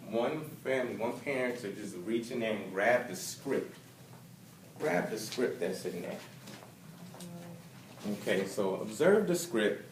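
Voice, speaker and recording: A man's voice: fairly low pitch, a little mellow. A man facilitating a parenting workshop, casual and encouraging, who keeps asking the group questions. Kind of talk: leading a class. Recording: echoey room, distant mic, background noise.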